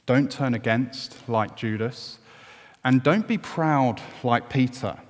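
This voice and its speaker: A man's voice: medium pitch, takes it slowly. A man preaching a sermon, earnest and at times emphatic. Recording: long hall reverb.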